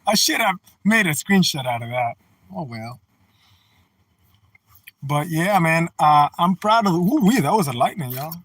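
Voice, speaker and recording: A man with a fairly high-pitched voice, talking casually to his livestream viewers from a car. He rambles and repeats himself in an earnest, folksy, slangy way. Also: animated, unhurried, pauses often, a bit bright, husky, no echo, low-quality recording. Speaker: live streamer. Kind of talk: casual livestream chat, reading out viewer comments. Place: in a car while driving.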